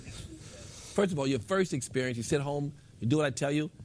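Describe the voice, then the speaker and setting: A man teaching meditation, talking casually and then guiding a breathing exercise, repeating phrases in a gently instructive way. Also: a little high, lively intonation, quick pace, a little hiss or hum. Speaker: meditation teacher and show guest.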